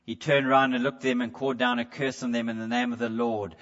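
A man's voice: medium pitch, level tone, quick pace, a bit bright. Man preaching on a dull, lo-fi recording. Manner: conversational, repeats words when restarting; asks the congregation direct questions. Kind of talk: sermon.

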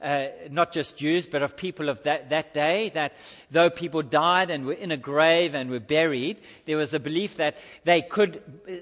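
A man's voice: fairly high pitch, normal speed, a bit bright. A male pastor preaching a sermon in church, emphatic and repeating his key phrases. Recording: dull recording with long hall reverb.

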